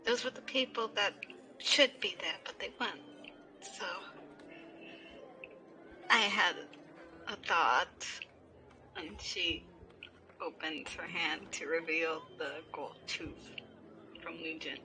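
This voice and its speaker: A woman playing a tabletop role-playing game, talking in an animated, worried way. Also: lowish voice, takes it slowly, pauses often, slight background noise, low-quality recording. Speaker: player.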